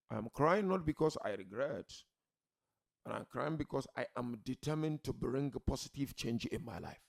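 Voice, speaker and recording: Speaking to a gathering, an animated preacher uses a gravelly, mid-range voice at a moderate pace. His sermon moves from gentle pleading to shouted emphasis, punctuated by rhetorical questions and repeated key words.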